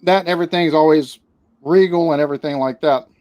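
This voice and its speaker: A man's voice: a little high, quick pace, a little mellow, no room sound. A man from the United States, the guest on a casual interview, who rambles, restarts often and swears casually. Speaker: podcast guest, reaction channel creator.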